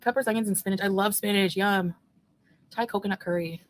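Woman, livestreamer, casual chat, giggly, talks to viewers, mid-pitched voice. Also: steady tone, brisk. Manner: chatty, giggly, answers viewers.

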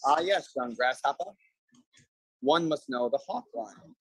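A man voicing a calm, wise old male kung fu master who speaks in slow, sage-like pronouncements. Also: fairly high pitch, vocal fry, slight background noise, full character voice, poor audio.

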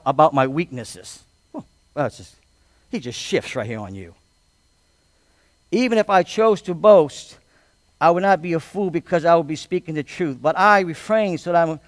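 A male pastor preaching a sermon, reading scripture and building to loud, drawn-out, emphatic shouts. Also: a little high, no echo. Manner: reads scripture aloud with commentary.

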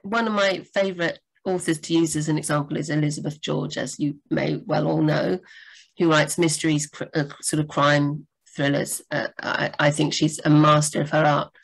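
A woman co-hosting a live writing Q&A, chatty and rambling, with sudden lively jumps in pitch. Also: normal speed, gravelly. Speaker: book editor and co-host. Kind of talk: live Q&A chat.

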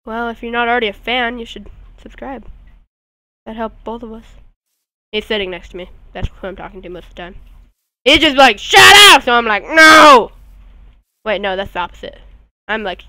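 A woman's voice: on the high side, pushed and bright, no room sound. A woman giving casual commentary over her gameplay at home, rambling and goofy with sudden squeals. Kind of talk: casual let's-play commentary. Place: at home beside a friend.

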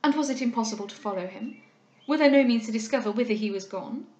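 A woman's voice: a little high, fast, a little mellow, roomy sound, muffled recording, close to an everyday voice. A woman voicing an anxious, earnest young heiress in a novel reading, asking urgent, pleading questions.

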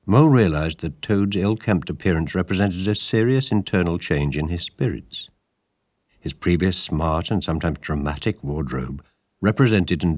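A man narrating a storybook audiobook in a measured, lively storytelling manner. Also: low voice, husky, no echo, clean studio sound.

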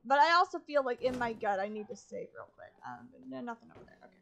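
A woman streamer talks her way through a game in casual running commentary. Her voice sits a little high, and her self-talk is chatty, wry and sarcastic. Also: very animated, fast talker, gravelly, fairly bright tone, a little hiss or hum.

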